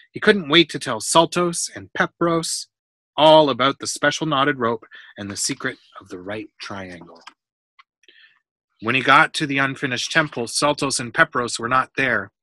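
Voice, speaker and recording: A man reading a storybook aloud to a child, pausing patiently to explain the math. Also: mid-range voice, pushed and bright, no echo.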